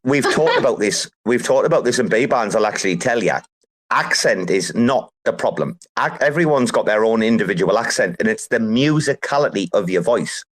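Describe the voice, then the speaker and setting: Animated, swearing male host. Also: on the low side, moderate pace. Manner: animated, emphatic, swears casually. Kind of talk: casual group chat.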